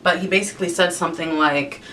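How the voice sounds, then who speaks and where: A young woman vlogger doing her makeup at home launches into an exasperated, profanity-heavy rant. Her tone is steady and sharp, and she talks quickly. The recording has a slightly distant mic and a faint rumble.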